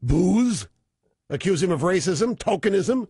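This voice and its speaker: A man's voice: sits high, very animated, normal speed, breathy edge, dry recording, studio quality. A man hosting a radio talk show, delivering an opinionated monologue with sarcastic, mocking asides.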